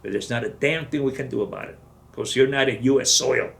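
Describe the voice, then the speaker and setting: An older man voicing a blunt, profane army colonel in a retold story, barking his lines with a gravelly edge. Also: medium pitch, fairly quick, a bit bright. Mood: lecturing. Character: gruff blunt male army colonel, senior officer.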